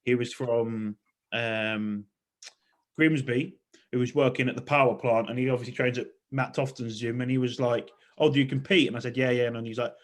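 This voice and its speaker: A man's voice: mid-range voice, steady tone, moderate pace. A man co-hosting a casual podcast chat, rambling, swearing and laughing often. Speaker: podcast co-host.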